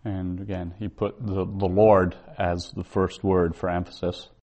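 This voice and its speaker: A man teaching a Bible Hebrew class, explaining slowly, word by word. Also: sits low, level tone, warm tone. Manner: slow, deliberate, word-by-word explaining. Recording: dull lo-fi recording.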